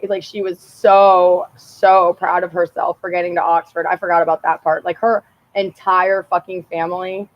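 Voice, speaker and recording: A woman's voice: mid-range voice, dull audio. Profane, rambling young woman storyteller. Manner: profane, animated, laughs often. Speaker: vlogger.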